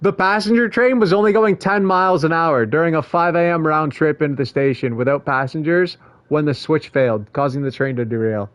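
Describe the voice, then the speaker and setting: A man streaming live, reading news reports aloud in a flat tone, then breaking into exasperated, profane rants. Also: a little high, fairly quick, no room sound. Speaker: streamer and sim racing coach.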